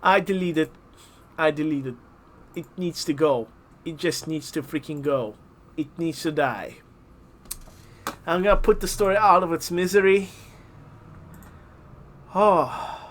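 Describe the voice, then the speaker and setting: A man reading his own old fanfiction aloud on a live stream, halting and self-mocking, with groaning asides. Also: on the high side, slight background noise.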